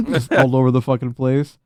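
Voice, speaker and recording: A man's voice: mid-range voice, very animated, normal speed, darkish tone, no room sound, studio quality. A man narrating as game master of a tabletop game, laughing often and swearing freely as he plays out the scene.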